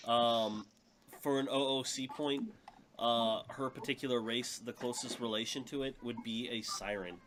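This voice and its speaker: Halting male game master, noisy audio. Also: mid-range voice, fairly even intonation, a bit bright. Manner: loose and halting, many ums. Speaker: dungeon master. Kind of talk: narrating a tabletop game. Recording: dull muffled audio with background hiss.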